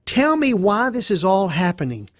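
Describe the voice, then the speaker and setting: A man's voice: sits high, very animated, moderate pace, no echo, clean studio sound, voice pushed up. A man voicing a suffering, despairing man who pleads his innocence, his voice rising in anguish.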